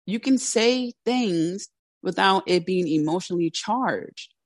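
A woman's voice: fairly low pitch, lively intonation, slow pace, no room sound, studio quality. A woman hosting a motivational podcast who coaches listeners in a direct, candid, conversational way. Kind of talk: motivational solo talk.

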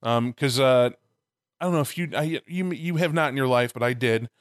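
A man co-hosting a podcast, telling stories in lively, casual chat and swearing now and then. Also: mid-range voice, moderate pace, clean tone, no echo, studio quality. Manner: animated storyteller, swears casually. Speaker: podcast co-host.

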